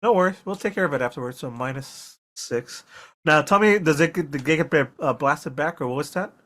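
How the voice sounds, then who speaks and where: Role: game master. Sex: man. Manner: easygoing, reassuring. Pitch: slightly high for a man. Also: fairly quick, fairly bright tone. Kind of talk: running a tabletop game.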